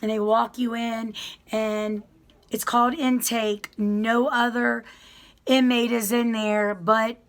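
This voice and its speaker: A middle-aged woman with a slightly high voice tells her own story to her viewers at an unhurried pace. She rambles and apologizes, with plenty of fillers and false starts, like she is chatting with friends. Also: level tone. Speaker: vlogger sharing her prison experience.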